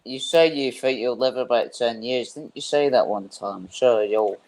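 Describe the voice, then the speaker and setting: A man's voice: medium pitch, moderate pace, a little mellow, rough recording. A man who coaxes and encourages his friend in casual chat. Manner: coaxing, encouraging.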